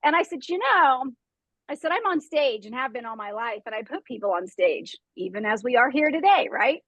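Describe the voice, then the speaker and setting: A woman hosting a group talk, telling an animated story, laughing often and acting out the sounds. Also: high voice, normal speed, no room sound, rough recording. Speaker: host.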